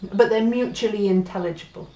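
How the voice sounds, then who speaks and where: A woman's voice: medium pitch, fairly even intonation, a little fast, warm tone, roomy sound. A woman from Great Britain giving a patient spoken language lesson, spelling out and repeating words. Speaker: Spanish teacher.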